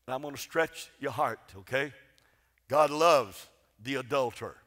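A man preaching a sermon, swinging between emphatic calls and hushed, quiet passages. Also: mid-range voice, normal speed. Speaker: pastor. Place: large church. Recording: church sanctuary with long reverb.

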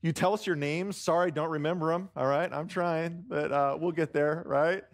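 A man preaching as a guest pastor, his voice sitting on the higher side. He jokes at his own expense and calls out to the congregation for answers. His sentences often restart on the way. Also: fairly even intonation, moderate pace. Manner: jokey, warm-hearted, self-deprecating, lots of restarts. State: choked up near tears. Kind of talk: sermon with congregation call-and-response. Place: church sanctuary.

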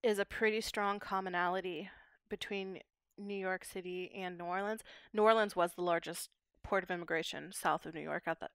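Young woman linguist guest, measured academic explaining, smooth voice, dry close mic. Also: fairly low pitch, steady tone, a bit bright, no echo. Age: young adult. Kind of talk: explanatory podcast talk.

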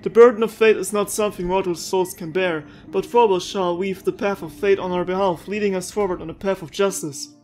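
A woman's voice: medium pitch, natural voice. A woman reading out the lines of a solemn servant devoted to a god-ruler, in her own voice. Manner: reads the lines aloud at an even, formal pace.

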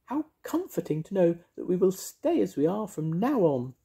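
An older man voicing a fussy, cooing fairy woman in a high falsetto for a storybook reading. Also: very animated, moderate pace, vocal fry, mellow, full character voice. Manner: cooing, sing-song.

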